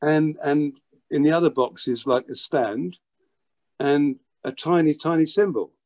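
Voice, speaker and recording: An older man with a somewhat high-pitched voice recalls a story from his past. He talks animatedly, stumbles and repeats words as he acts out scenes, and often throws in "you know.". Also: unhurried, darkish tone. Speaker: interview guest, drummer. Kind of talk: anecdotal storytelling.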